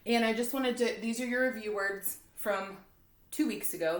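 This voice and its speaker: Cheerful teacher woman in a roomy classroom. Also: fairly high pitch. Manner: cheerful, encouraging, sounds out words slowly. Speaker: second grade teacher. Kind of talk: recorded classroom lesson. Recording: roomy, from a distance.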